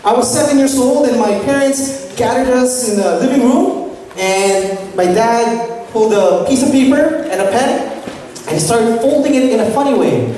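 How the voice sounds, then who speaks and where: A woman's voice: a little high, normal speed. Woman preaching in an echoey hall. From Philippines. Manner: lively, often asks the audience "right?". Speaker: camp speaker. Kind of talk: sermon. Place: large hall at a church summer camp. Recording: echoey hall, distant mic, faint noise.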